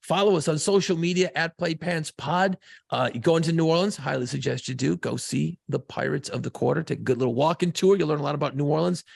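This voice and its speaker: A man co-hosting a podcast, telling a profane, excitable story in casual chat. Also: fairly high pitch, fast talker, dry recording. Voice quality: gravelly, husky voice. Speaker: podcast co-host.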